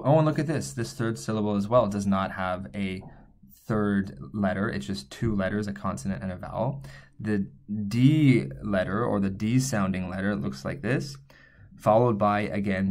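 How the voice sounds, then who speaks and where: Writing Korean letters on a whiteboard, a man walks through each step with patient explanations. His voice is fairly low in pitch and a little mellow.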